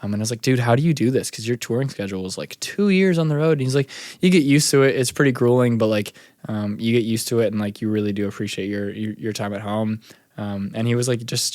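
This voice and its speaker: A man's voice: on the low side, darkish tone, no echo, studio quality. A young man, a musician guest, casually telling tour stories with many fillers. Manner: laid-back storytelling, many fillers. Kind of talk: casual interview chat.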